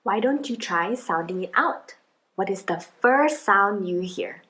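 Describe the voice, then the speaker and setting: A woman playing a mother in a demonstration skit, gently coaching her child to sound out words step by step. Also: mid-range voice, lively intonation, unhurried, rough recording. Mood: encouraging. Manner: gently encouraging, prompting step by step. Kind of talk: acted parenting demonstration skit.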